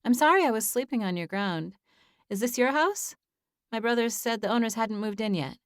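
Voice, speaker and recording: A woman's voice: a little high, moderate pace, no room sound, voice pushed up, natural voice. Brief: woman playing a tired, apologetic young woman; dry, close studio read.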